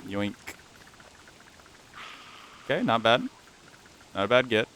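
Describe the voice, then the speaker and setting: A man's voice: medium pitch, animated, takes it slowly, a bit bright, a little hiss or hum. A man giving casual, self-mocking running commentary while playing a survival game. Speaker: gaming YouTuber. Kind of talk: casual let's-play commentary.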